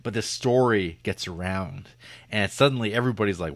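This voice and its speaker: A man's voice: fairly low pitch, a little fast, no echo. A man co-hosting a podcast, reviewing a film in a rambling, jokey, casual way into a podcast mic. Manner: rambling, jokey, lots of fillers and restarts. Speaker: podcast co-host.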